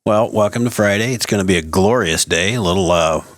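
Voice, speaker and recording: A man's voice: sits low, brisk. A male morning show host in casual talk, jokey and easygoing, greeting people with a nautical ahoy, on a headset mic.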